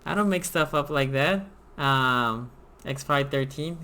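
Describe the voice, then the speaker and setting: A man's voice: mid-range voice, measured pace, heavy background noise. A man hosting a live sports call-in show, chatting casually and animatedly with callers.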